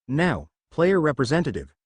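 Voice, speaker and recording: A man's voice: fairly high pitch, wildly swooping pitch, moderate pace, slightly rough, no room sound, full character voice. A man voicing a flamboyant, teasing adult female hero who referees a school tournament in a fan-fiction reading.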